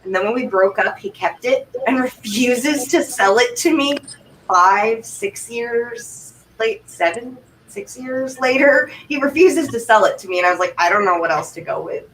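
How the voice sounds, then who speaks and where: A woman from Vermont, a livestream guest, telling rambling stories in a chatty, animated way. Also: fairly high pitch, moderate pace. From Vermont, United States. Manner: chatty, rambling, breathless anecdotes with quoted asides. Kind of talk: casual chat, animated storytelling. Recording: distant mic, faint background noise.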